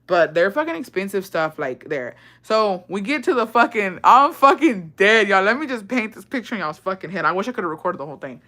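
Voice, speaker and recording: A woman telling a casual storytime, profane and animated, mixing in Spanish phrases and laughing often. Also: mid-range voice, fairly quick, hardly any pauses. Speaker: vlogger.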